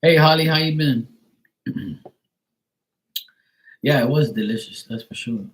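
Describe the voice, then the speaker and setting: A middle-aged man, a tarot reader, hosts a livestream with a medium-pitched voice at a measured pace. Relaxed and chatty, he greets viewers by name and reads their names out. The audio is poor.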